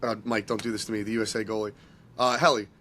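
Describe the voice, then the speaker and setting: A man's voice: on the low side, little pitch movement, fast talker, bright, forceful tone, a little hiss or hum. A man co-hosting a podcast, a chatty, self-deprecating hockey dad who acts out his own conversations.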